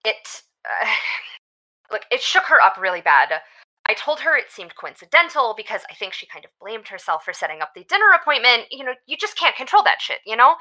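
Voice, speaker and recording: A woman plays a distraught young woman in an audio drama, stammering and tearful. Her voice is high and swings widely in pitch. It sounds very bright and tense. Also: sing-song. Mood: shaken. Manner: halting, stammering.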